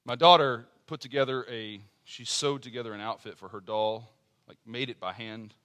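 A middle-aged man preaching a sermon as pastor, earnest, dropping to soft personal asides and rising to strong emphasis. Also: mid-range voice, moderate pace.

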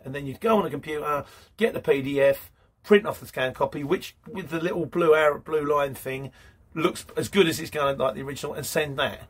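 A man's voice: on the high side, fairly quick, slightly rough. A man hosting his channel, reading viewer comments aloud and answering them in a rambling, matey way. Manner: chatty, rambling, says mate. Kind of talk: casual live-stream chat.

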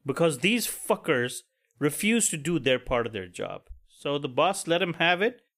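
A man's voice: fairly high pitch, very animated, normal speed, a bit bright. A man hosting a solo podcast, venting about work in an angry, profane, pessimistic way. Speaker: podcast host. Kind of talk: casual solo podcast rant.

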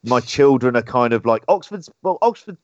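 A man's voice: mid-range voice, lively intonation, normal speed, a little mellow, no room sound, dull audio. A man with a London accent, co-hosting a podcast in rambling casual chat and swearing now and then. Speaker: podcast co-host.

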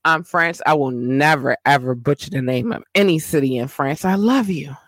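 A host, doing casual shout-outs and speaking affectionately to the listeners. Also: medium pitch, normal speed, dry recording. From Baltimore, Maryland. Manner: affectionate, repeats thanks to listeners.

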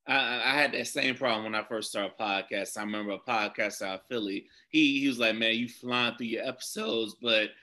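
A man's voice: on the low side, brisk, few pauses, pushed and bright. A man podcaster chatting casually in an easygoing, loose way. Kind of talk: casual chat.

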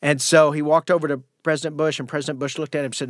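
A man on a podcast telling lively stories about his career as an impressionist, often slipping into quick impressions. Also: fairly high pitch, no echo, clean studio sound. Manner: animated storyteller who slips into impressions. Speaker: guest impressionist. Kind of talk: casual podcast chat.

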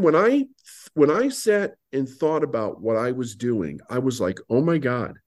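A man, a business coach guest on an interview, telling his story and acting out old conversations. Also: mid-range voice. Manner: animated storyteller, acts out past dialogue.

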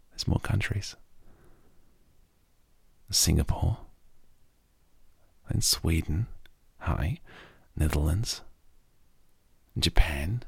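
An Australian man hosting a sleep podcast, talking slowly and softly, often dropping to a half-whisper. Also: sits low, creaky, husky, no echo. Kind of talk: soft-spoken sleep podcast talk.

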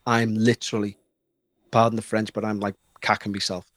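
Excitable Liverpool man telling a spooky tale. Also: on the low side, brisk, no echo, clean studio sound. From Liverpool, England. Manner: animated, excitable, mimics others in the story. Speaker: podcast guest. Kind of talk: casual storytelling.

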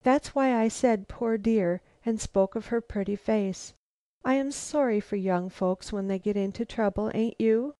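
A woman's voice: medium pitch, unhurried, dark tone, dry recording, natural voice. Woman voicing a shaky, fussing scrub woman. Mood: eager. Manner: stammering, shaky, eager. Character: nervous, fussing working-class scrub woman.

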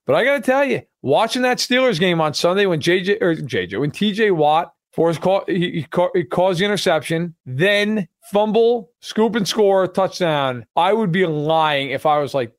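A man's voice: sits high, lively intonation, moderate pace, few pauses, dry recording, studio quality. A man in casual sports talk, telling an emphatic story and swearing now and then. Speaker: radio host.

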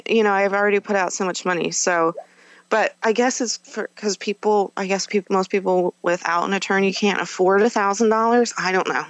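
A woman's voice: medium pitch, fairly even intonation, fairly quick, dry recording, poor audio. A woman guest on a podcast, candidly recounting a personal experience in a conversational way, with fillers and self-corrections.

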